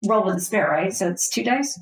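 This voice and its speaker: A woman playing a tabletop game, blunt and quick to swear. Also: medium pitch, expressive, echoey room, slight background noise. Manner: blunt, swears, laughs easily. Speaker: player. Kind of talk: casual tabletop play.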